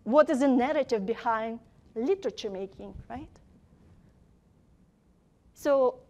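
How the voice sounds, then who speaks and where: A woman giving an academic lecture, speaking deliberately and emphatically, often posing rhetorical questions. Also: fairly high pitch, darkish tone, lo-fi sound.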